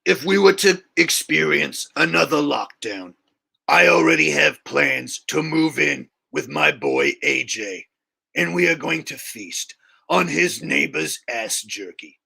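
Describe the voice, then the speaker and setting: A man impersonating a loud, brash male internet personality. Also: fairly high pitch, unhurried, creaky, breathy edge, exaggerated voice. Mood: brash, excited. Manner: loud, brash, excited bragging.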